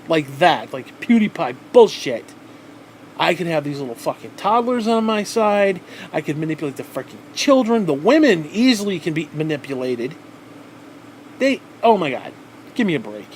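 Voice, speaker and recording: Vlogger, male, voice sitting a bit high, furious profane rant, faint AC hum underneath. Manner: heated, swearing constantly, restarting sentences. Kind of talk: angry profane rant to camera.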